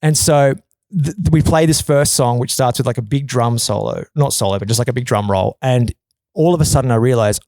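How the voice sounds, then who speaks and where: A man telling a long, animated story in a casual podcast chat, often swearing and acting out quotes in a loud, high voice. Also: fairly quick, dry recording. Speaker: podcast guest.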